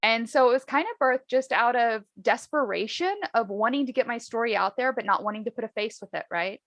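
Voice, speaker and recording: A woman chatting casually about her own life, acting out the people in her stories with lively voices. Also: a little high, fairly quick, no echo. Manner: animated, acts out dialogue in lively voices. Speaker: podcast host, guest. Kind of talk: casual storytelling chat.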